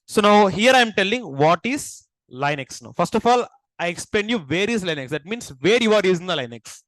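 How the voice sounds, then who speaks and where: A man's voice: high-pitched, animated, a little fast, fairly bright tone, no room sound, poor audio. A man with an Indian accent giving a classroom lecture, asking the class questions and repeating key points. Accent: Indian English. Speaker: teacher.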